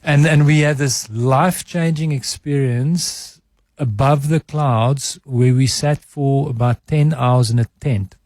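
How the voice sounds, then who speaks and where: A middle-aged advertising executive speaking candidly and emotionally as a radio guest in a studio. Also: male voice, medium pitch, fairly even intonation, slow, a little mellow, no room sound. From South Africa. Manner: candid, emotional, self-searching. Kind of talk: reflective interview talk. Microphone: studio mic with headphones.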